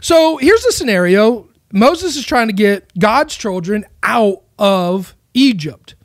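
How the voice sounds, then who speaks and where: A man's voice: sits high, lively intonation, takes it slowly, no echo, studio quality. A man giving a casual, rambling monologue on faith, with many rhetorical questions. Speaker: Christian speaker.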